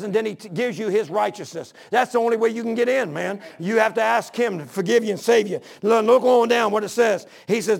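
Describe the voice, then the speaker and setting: A man preaching a fervent, folksy sermon that builds to shouting. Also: sits high, creaky.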